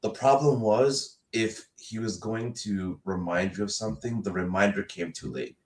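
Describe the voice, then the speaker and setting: Through an echoey, distant mic, a man with a fairly low voice guest-hosts a casual podcast at normal speed. He sounds reflective and hesitant, often restarting his sentences.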